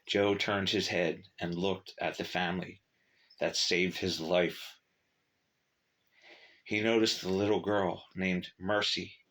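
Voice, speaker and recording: Deep-voiced man reading a story. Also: a bit bright. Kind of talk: storybook narration.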